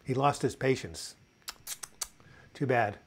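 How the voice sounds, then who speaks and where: A man's voice: mid-range voice, slow, gravelly, husky. A man in his sixties hosting a casual live video chat, reading viewer comments and telling corny jokes and puns. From United States. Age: 60s. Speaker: host of a live video chat on mental health.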